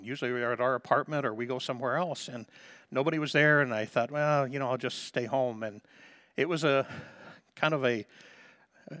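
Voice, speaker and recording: Male preacher, middle pitch, dry sound, personal testimony delivered with rising passion. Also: no echo. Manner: personal testimony, swings from hushed to impassioned. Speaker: pastor. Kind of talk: sermon.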